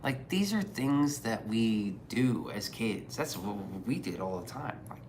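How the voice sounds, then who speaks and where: Slow-drawling, low-voiced man rambling. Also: animated, a little hiss or hum. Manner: rambling and profane, trailing off into mumbles. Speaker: streamer. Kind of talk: casual chat reading out chat messages.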